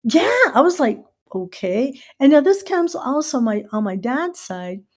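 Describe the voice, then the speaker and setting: A middle-aged American woman hosting a casual podcast, telling stories with lively asides and spelling out words letter by letter. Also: high-pitched, moderate pace. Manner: animated storyteller who spells out words letter by letter. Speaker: podcast host.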